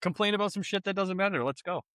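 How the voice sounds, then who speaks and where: A man's voice: high voice, fast, pushed and bright, clean tone, no echo. A man co-hosting a podcast, chatting in a laid-back way and laughing along with his friend. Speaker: podcast co-host. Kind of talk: casual chat.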